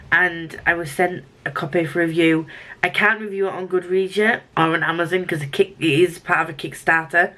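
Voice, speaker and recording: Lowish-voiced woman vlogging about books, rambly and chatty. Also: a bit bright. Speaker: book vlogger. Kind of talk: casual vlog chat.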